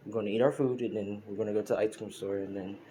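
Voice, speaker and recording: A man voicing a gentle, worried young hero father in his own low voice, hesitant and earnest. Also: steady tone, racing, slight background noise, close to an everyday voice, low-quality recording. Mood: cheerful.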